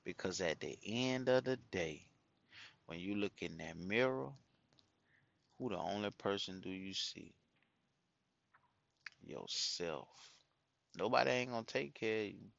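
A man's voice: on the low side, expressive, unhurried, gravelly, pauses often, a bit bright, lo-fi sound. Rambling, profane man telling stories. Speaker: father talking to his followers. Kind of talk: casual storytelling monologue.

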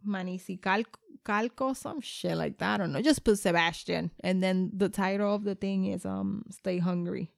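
A woman's voice: medium pitch, moderate pace, creaky, few pauses, dry recording, clean studio sound. A woman, co-hosting a casual chat and telling stories, swearing freely and dropping in Spanish words. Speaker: podcast co-host.

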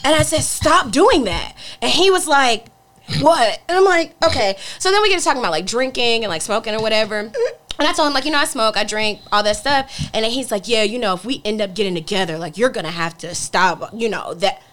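Fast, bright young woman telling stories. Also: on the high side, a little hiss or hum. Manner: animated storyteller acting out dialogue, blunt and profane. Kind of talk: casual podcast chat.

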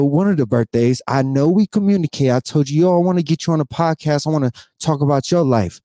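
A man's voice: on the high side, mellow, dry recording, clean studio sound. A man in his thirties ranting emotionally to camera, profane and repetitive, tearful and sighing, again and again asking if you know what he means. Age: 30s. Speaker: vlogger. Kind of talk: emotional unscripted rant to camera.

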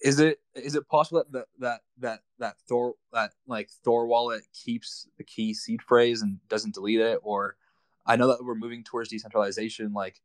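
Flat-voiced man, halting and frustrated. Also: mid-range voice, no room sound. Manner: halting, repeats words, frustrated. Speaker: caller from the community. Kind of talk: casual question on a live audio call.

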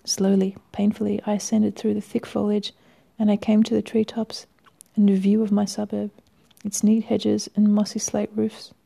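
A woman reading a first-person story aloud in a wry, measured way, sometimes dropping to a hush. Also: medium pitch, monotone, gravelly. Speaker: reader.

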